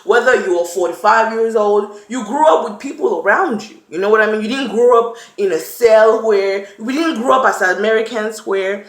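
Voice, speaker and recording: A woman's voice: on the high side, moderate pace, hardly any pauses. A young woman from Cameroon, talking earnestly to camera and acting out little quotes as she tells her story. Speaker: vlogger. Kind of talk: personal talk to camera. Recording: echoey room.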